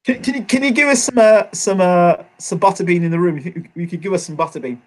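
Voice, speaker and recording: A man hosting a casual sports livestream, eager and rambling as he gives shout-outs. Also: high voice, fast. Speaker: livestream host.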